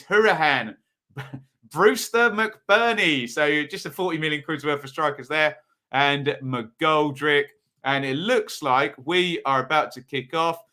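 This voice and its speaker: Bright-voiced man hosting a watch-along. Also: fairly high pitch. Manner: chatty, frequent ums and uhs, reads team sheets. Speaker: football watch-along host. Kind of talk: casual live commentary to chat.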